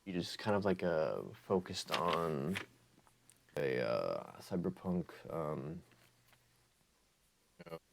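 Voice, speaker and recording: Deep, creaky and expressive, this young ASMR host speaks slowly with long pauses, and a faint hiss or hum sits under the audio. Surrounded by Pokemon items, he rambles casually about other creators, hesitant and full of fillers, his voice seeming slightly off.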